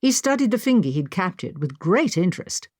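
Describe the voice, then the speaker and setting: A woman narrating a historical novel in the first person, with expressive storytelling. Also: on the low side, a little fast, dry recording, studio quality. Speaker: audiobook narrator. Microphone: studio microphone.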